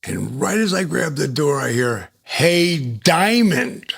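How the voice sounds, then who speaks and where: An older man, a retired wrestler, telling profane, animated stories as a guest in a casual interview. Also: mid-range voice, normal speed. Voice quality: gravelly, husky. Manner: animated, profane, acts out voices.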